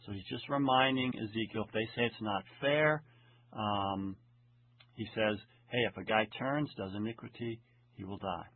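Husky male Bible teacher on a tinny line. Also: fairly low pitch. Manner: slow deliberate reading of Hebrew phrases, frequent "okay?" check-ins. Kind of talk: lecture on Hebrew grammar of scripture.

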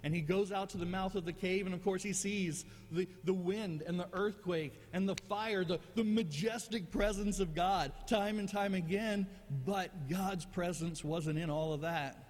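A man's voice: sits high, fairly even intonation, normal speed, few pauses, darkish tone, long reverb tail. A male pastor preaching a sermon in a conversational, self-deprecating way, often repeating words as he goes.

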